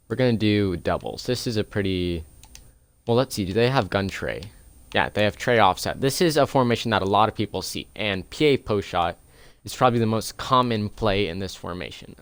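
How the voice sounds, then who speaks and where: A young man casually explaining a football video game's defensive plays step by step, chatty and relaxed, recorded at home on a close desk mic. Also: lowish voice, clear, resonant tone, no room sound. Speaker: gaming video creator. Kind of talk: casual gameplay tutorial.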